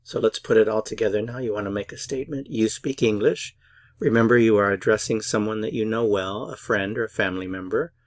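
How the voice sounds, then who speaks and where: A man's voice: on the low side, a little fast, no room sound. A man teaching a beginner German lesson, patiently drilling words syllable by syllable. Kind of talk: slow, careful pronunciation lesson.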